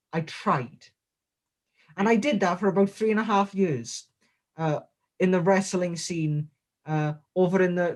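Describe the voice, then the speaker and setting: A man, a guest on a comedic in-character interview, rambling through absurd jokes in a deadpan way. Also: sits high.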